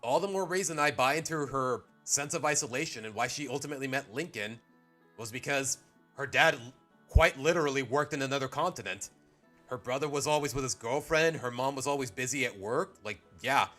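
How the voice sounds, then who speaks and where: A man from Mexico streams live with soft background music, speaking fairly quickly in a bright, forceful, mid-range voice. He casually rambles through his rankings of cartoon episodes, opinionated and frequently cutting himself off.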